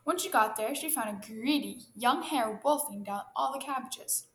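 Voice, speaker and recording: A woman reading a children's story aloud in a gentle, expressive manner. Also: on the high side, moderate pace.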